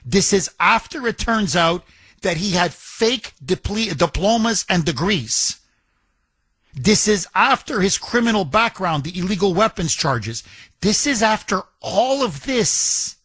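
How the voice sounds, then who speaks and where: A man's voice: sits high, lively intonation, a little slow, a bit bright, breathy edge, no echo. A man hosting a talk radio show, delivering an indignant, emphatic monologue and often stumbling over and repeating his words.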